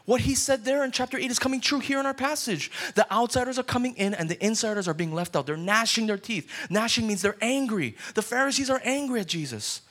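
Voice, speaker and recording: A man's voice: very high voice, animated, fast, hardly any pauses, sharp tone. A man, a pastor, preaching a sermon in an earnest way and putting questions straight to his listeners.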